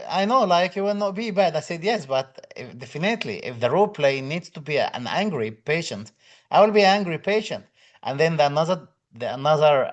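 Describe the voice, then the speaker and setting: A male lecturer with a slightly high voice talks casually on a live stream. He greets viewers one by one, reads out their comments and answers them in loose, filler-heavy English. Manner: non-native English phrasing with fillers. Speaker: exam prep lecturer.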